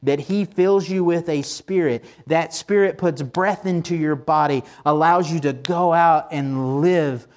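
Male pastor, sermon, excited, emphatic, repetitive phrasing. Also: a little high, measured pace, few pauses.

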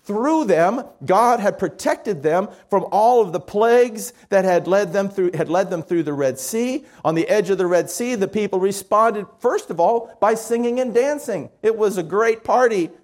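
Male pastor, higher-pitched voice, conversational sermon delivery with quoted readings. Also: animated, normal speed, hardly any pauses, darkish tone.

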